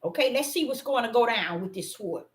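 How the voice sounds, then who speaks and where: High, lively woman preaching on a livestream. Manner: preaching with sudden bursts, exclaims and drawn-out scripture reading. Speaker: preacher teaching scripture on a livestream. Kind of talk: livestream sermon.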